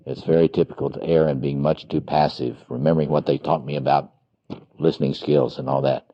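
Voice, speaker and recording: A man with a very low voice delivers a seminar lecture, stopping often on "uh" and restarting his sentences. He leans hard into the points he wants to stress. The recording is dull and lo-fi. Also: steady tone. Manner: halting, heavy with "uh" fillers and restarts; emphatic on key points. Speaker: lecturer on psychotherapy.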